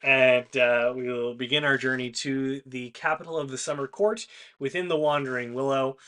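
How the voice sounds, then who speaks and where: A man narrating and hosting a tabletop game stream as game master, relaxed and full of fillers. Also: medium pitch, normal speed. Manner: relaxed, hesitant with many fillers.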